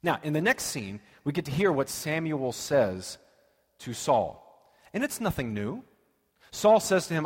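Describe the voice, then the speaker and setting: Male preacher, sermon, animated storyteller with a fairly high voice. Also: unhurried, husky, in a large hall. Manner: animated storytelling with dramatic quotes.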